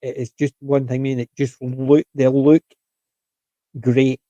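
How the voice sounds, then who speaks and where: A man's voice: medium pitch, level tone, slow pace, mellow, no echo, lo-fi sound. A man, a podcast co-host, rambling enthusiastically in casual chat.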